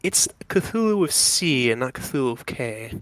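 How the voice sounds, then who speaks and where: A man's voice: mid-range voice, very animated, measured pace, fairly bright tone. A man playing a tabletop game, rambling with asides and laughs. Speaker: player. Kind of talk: casual game chat.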